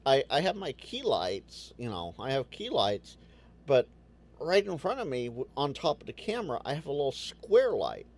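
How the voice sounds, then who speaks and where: A man's voice: mid-range voice, huge pitch swings, moderate pace. A man hosting a casual livestream, chatting to viewers, rambling and stammering, often repeating words as he restarts. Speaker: livestream host.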